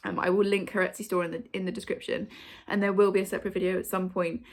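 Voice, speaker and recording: A fast-talking woman with a mid-range voice and level tone hosts a book video from home, her bookshelves in view. Chatty and bubbly, she fills her casual talk to camera with ums and likes.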